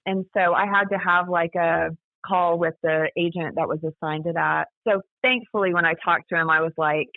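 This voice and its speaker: Woman, interview guest, chatty storyteller, raspy fry, dry tinny phone-line audio. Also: on the low side, fairly even intonation, normal speed, few pauses, no room sound. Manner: chatty, lots of "like" and "you know". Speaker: guest, daughter of a scam victim.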